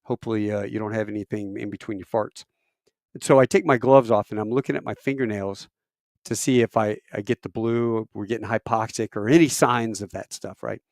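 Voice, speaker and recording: A middle-aged man, a military veteran, telling a long personal story in a casual, animated way, with self-deprecating asides and rambling fillers. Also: a little fast, no echo, clean studio sound. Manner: animated, acts out quoted voices with big pitch jumps.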